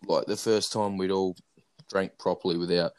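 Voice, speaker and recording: A man's voice: sits low, little pitch movement, moderate pace, a little mellow, clear, resonant tone, no echo. A young man hosting a casual podcast, telling a story to his mates with plenty of swearing and laughter. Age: young adult. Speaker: podcast host.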